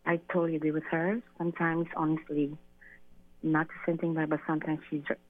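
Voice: medium pitch, little pitch movement, fairly quick. A caller to a radio show, speaking hesitantly in agreement. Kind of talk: call-in talk. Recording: phone line.

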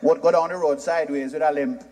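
A Jamaican man from Jamaica performing stand-up comedy, animated and shouting his punchlines in patois. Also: on the high side, fast, a little hiss or hum.

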